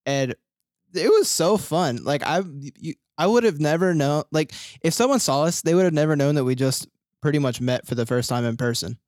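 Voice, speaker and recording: A young man chats as a host, voice sitting a little high. He tells stories in an animated way, laughing often and piling on fillers. The sound is dry and close, with no room echo. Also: moderate pace. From Philadelphia area, USA. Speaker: podcast host. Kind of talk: casual chat.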